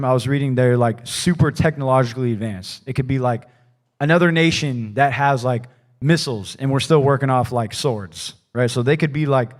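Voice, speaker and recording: A man preaching a conversational sermon in a church, talking casually and loosely, often adding "like" and "right?". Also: medium pitch. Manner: casual, rambling, peppered with "like" and "right?". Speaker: pastor.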